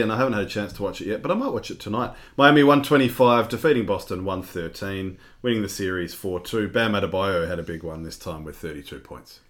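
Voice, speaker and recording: A man co-hosting a casual sports podcast, reading out scores and adding dry, relaxed quips. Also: fairly low pitch. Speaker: podcast co-host.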